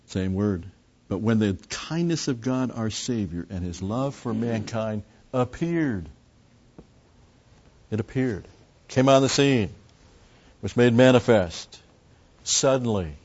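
A man's voice: mid-range voice, takes it slowly, pauses often, darkish tone. A man preaching a methodical Bible teaching, explaining Greek words and repeating key terms. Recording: dull lo-fi recording.

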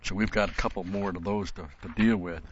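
A man's voice: low-pitched, steady tone, brisk, a little hiss or hum. A man delivering an expository sermon as a Bible teacher, stressing points by repeating key words. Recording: dull, dry lo-fi recording.

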